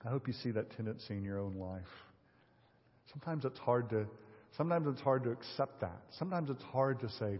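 A man's voice: mid-range voice, brisk. A man preaching a sermon, reading scripture aloud and explaining it in a conversational way with occasional fillers. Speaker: pastor. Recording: dull audio in a hall with long reverb.

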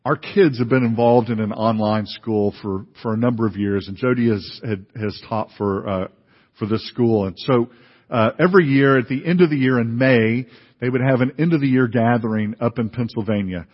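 A pastor giving a sermon in a conversational way, with many fillers and restarts. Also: male voice, medium pitch, moderate pace. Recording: dull, lo-fi recording in a reverberant hall.

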